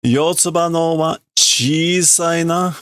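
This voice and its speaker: Brief: a man doing a cocky, teasing adult guy from a comic, voice pushed up high, unhurried. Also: steady tone, fairly bright tone, clear, resonant tone, no echo, studio quality. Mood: boastful. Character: boastful teasing adult man with huge rice ball.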